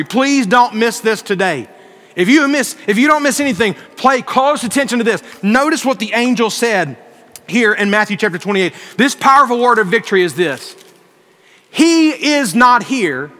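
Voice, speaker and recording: High, bright-voiced preaching man. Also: big-room sound. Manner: earnest storytelling with emphatic rises. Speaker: pastor. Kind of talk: sermon.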